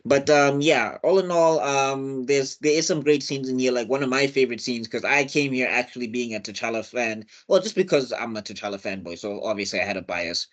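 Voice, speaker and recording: A man's voice: mid-range voice, fairly quick, hardly any pauses. Rambling man reviewing films. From South Africa. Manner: opinionated and rambling, with frequent restarts. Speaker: film review panelist. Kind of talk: casual panel chat.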